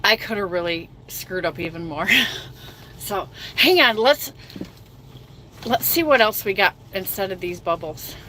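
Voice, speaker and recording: A woman's voice: mid-range voice, lively intonation, a little slow, pauses often, pushed and bright, a little hiss or hum. A middle-aged woman trucker hosting a casual livestream chat, self-mocking and reading viewer comments aloud.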